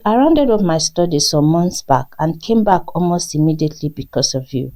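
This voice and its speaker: A woman's voice: fairly low pitch, a little mellow. A woman storyteller voicing an earnest young man who talks in a pleading, eager way.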